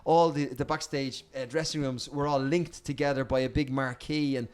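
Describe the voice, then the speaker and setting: An Irish man, a podcast guest, telling a cheeky, lively anecdote and swearing freely as he goes. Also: mid-range voice, moderate pace, smooth.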